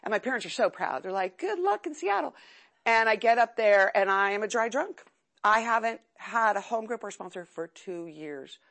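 A woman's voice: mid-range voice, normal speed, fairly bright tone. A woman in her fifties from California giving a candid, chatty, self-mocking personal testimony at a recovery meeting. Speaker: speaker sharing at a recovery meeting.

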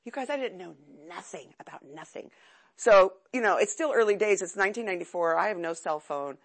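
A woman's voice: mid-range voice, animated, fairly quick. A woman in her fifties from California giving a candid, chatty, self-mocking personal testimony at a recovery meeting. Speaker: speaker sharing at a recovery meeting.

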